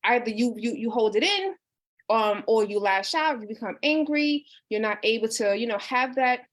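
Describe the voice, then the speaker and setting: A woman's voice: fairly high pitch, lively intonation, moderate pace. A woman in her thirties, a life coach, talking casually and earnestly on a livestream, reading out viewer comments. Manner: earnest and personal, with many restarts and "you know". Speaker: life coach hosting a book discussion.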